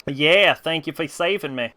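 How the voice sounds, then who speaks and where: A corny, overdone Southern drawl for a grateful rustic villager, put on by a man reading game dialogue. The tone rings bright and sharp, and the voice sounds smooth and crisp. It is played broadly for laughs. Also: on the high side, normal speed. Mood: hammy drawl. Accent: exaggerated fake Southern US drawl. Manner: hammy read-aloud of game dialogue.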